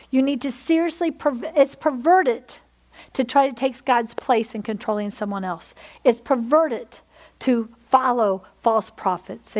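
Woman pastor, high-pitched, fervent sermon delivery, calls for amens. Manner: fervent, repeatedly asks the congregation "Amen?".

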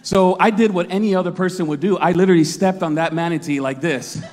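A man in his thirties preaching a sermon, telling a story with lots of laughter and acted-out shouts. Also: high-pitched, quick pace, long reverb tail. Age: 30s. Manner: animated storytelling, laughing often, acting out his own shouts. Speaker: pastor.

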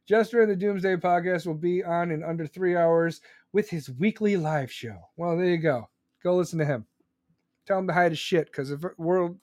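A man hosting a live podcast, ranting loudly and profanely, rambling with sudden jumps in pitch, close to the microphone. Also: no room sound. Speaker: podcast host. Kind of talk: live podcast venting monologue. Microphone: close studio microphone.

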